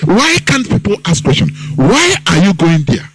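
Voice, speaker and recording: A Nigerian man hosts a political radio talk in a somewhat high, very animated voice. He speaks with open scorn and mocks the people he describes. Faint music plays behind him. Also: moderate pace, low-quality recording. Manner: mocking, scornful, mimics others in exaggerated voices. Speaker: host.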